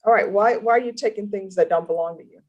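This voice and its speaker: A woman with a mid-range voice presides as a judge in a courtroom. She questions people formally and deliberately, with a stern edge. Her phrasing is measured and firm. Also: medium pitch, a little mellow, dull audio. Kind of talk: courtroom plea hearing.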